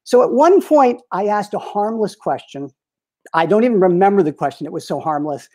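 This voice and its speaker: A man in his sixties, a retired publicist and interview guest, telling lively anecdotes with frequent chuckles. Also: sits high, brisk. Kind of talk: storytelling in a casual interview.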